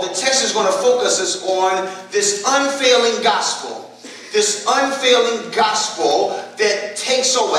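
A man's voice: high-pitched, pushed and bright, a little hiss or hum. A man preaching a sermon to his congregation, talking conversationally with humorous asides. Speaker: pastor. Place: church sanctuary. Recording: echoey church hall from a distance.

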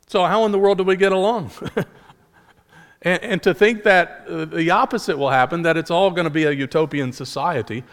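A man's voice: fairly high pitch, fairly quick, hardly any pauses, long reverb tail. A male pastor delivering a sermon in an earnest style, asking rhetorical questions and restarting phrases as he goes.

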